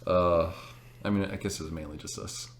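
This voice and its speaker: A young man in casual chat, telling an animated story with laughs and many fillers. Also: low-pitched, brisk. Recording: echoey room.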